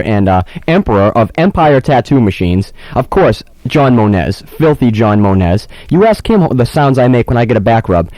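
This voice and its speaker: A man's voice: mid-range voice, a little mellow, dry recording, poor audio. A man hosting a comedic radio show from a windowless studio on a studio mic, rambling melodramatically and stumbling over his words. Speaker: radio host. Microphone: studio microphone with headphones.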